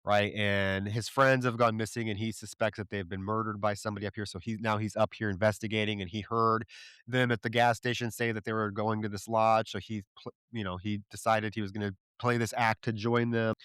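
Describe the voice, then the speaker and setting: Smooth-voiced man recapping a movie. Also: on the low side, steady tone, brisk, fairly bright tone, no room sound. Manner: profane, recounts the plot by acting out characters' lines. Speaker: podcast co-host. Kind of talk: casual plot recap.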